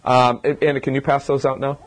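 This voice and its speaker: A man's voice: mid-range voice, flat delivery, fairly quick, slight background noise. A man, a chiropractor, gives an informal lecture to a live audience, talking through his points with rhetorical questions and frequent restarts. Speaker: chiropractor giving a health talk.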